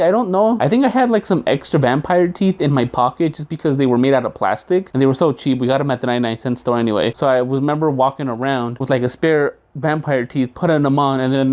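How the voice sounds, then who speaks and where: A man casually telling a funny childhood story, animated and profane, acting out the quotes. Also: mid-range voice. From outside the United States.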